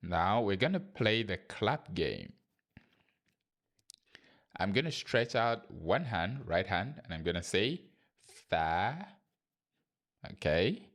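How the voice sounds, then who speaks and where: A man's voice: on the low side, very animated, slow, long pauses, a bit bright. A man who trains kindergarten English teachers, walking through his lesson plan in a conversational way and sometimes acting out his classroom prompts. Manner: demonstrates classroom prompts with a raised, sing-song teacher voice; conversational, thinks aloud with small restarts.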